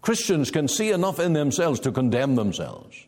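A man preaching a sermon, emphatic, with wide swings of pitch. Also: wildly swooping pitch, normal speed, a little mellow, breathy edge, in a large hall.

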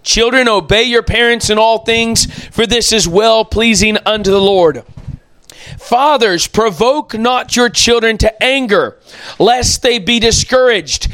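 A man's voice: high-pitched, moderate pace, a bit bright, clean tone, dry recording. A man preaching a sermon as pastor, emphatic, repeating phrases for stress.

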